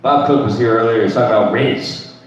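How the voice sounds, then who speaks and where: Recorded from far off in an echoey comedy club, this thirty-something stand-up comic talks fast in a medium-pitched voice with a lo-fi sound. His open mic set is crude and rambling, with "right?" tacked onto his lines.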